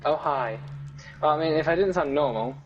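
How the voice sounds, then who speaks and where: An Englishman chatting casually as a guest, in a relaxed, hesitant way with many fillers. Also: fairly high pitch, normal speed, muffled recording. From United Kingdom. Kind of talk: casual chat.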